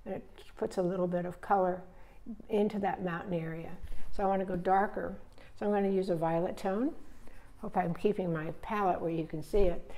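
A woman teaching painting, relaxed and thinking aloud step by step as she paints. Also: lowish voice, brisk. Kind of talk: narrating a live painting demonstration.

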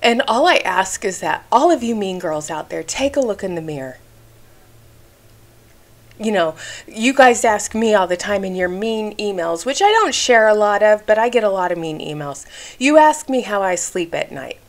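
A woman's voice: mid-range voice, very animated, normal speed. A woman talking straight to the camera in a vlog rant. She sounds indignant and emphatic and keeps stopping to ask "okay?". At times she gets emotional while she talks. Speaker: YouTube commentary creator.

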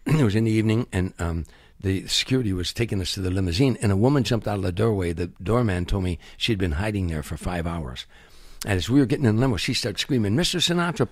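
Older man, husky storyteller. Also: lowish voice, dry recording, studio quality. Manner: animated anecdotes, acts out quotes. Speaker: guest comedian. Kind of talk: storytelling interview.

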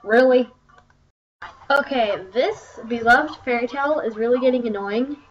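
Chatty high-voiced young woman gamer. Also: a little slow. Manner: chatty, wandering, many ums. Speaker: gaming channel host. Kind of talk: casual gameplay commentary. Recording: distant, dull lo-fi mic with faint music. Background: faint game music.

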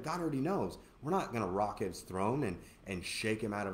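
A man with a low voice preaches with earnest, animated energy. He reads scripture and explains it to the listeners. The recording has a roomy echo and a faint hiss. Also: a little fast, few pauses. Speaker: co-host of a church teaching show. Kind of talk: preaching Bible teaching. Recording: echoey room with faint noise.

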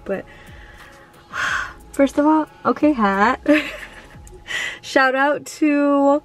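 A young woman in her twenties chats to her vlog audience in a gushing, excited way, full of fillers. Her voice sits a little high. Faint music plays underneath. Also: very slow, long pauses. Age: 20s. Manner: gushing, excited, lots of "like" and "oh my god"; sleepy early-morning whisper. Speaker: vlogger. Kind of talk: casual vlog chat.

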